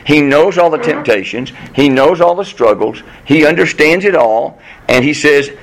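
A man preaching a sermon, asking rhetorical questions and quoting scripture slowly and with emphasis. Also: expressive, low-quality recording. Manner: emphatic, rhetorical questions, rising to high bursts; slows for scripture, speeds up in the story. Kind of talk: sermon with storytelling.

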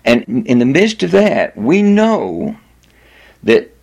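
A man's voice: medium pitch, very animated, vocal fry, a little mellow. Emphatic preaching man. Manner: emphatic preaching, slowing and lifting on key words; reads scripture aloud with stress on repeated words. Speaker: pastor. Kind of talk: sermon.

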